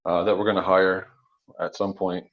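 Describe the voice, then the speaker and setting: A man co-hosting a podcast, relaxed and joking in casual chat. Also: low voice, moderate pace. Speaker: co-host. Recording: slightly dull lo-fi sound.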